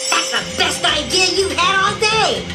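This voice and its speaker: An actor playing Figment, a mischievous childlike little dragon with a squeaky, giggly voice, heard as ride audio. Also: male voice, lively intonation, normal speed. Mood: gleeful. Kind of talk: theme park ride audio. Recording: echoey ride audio with music.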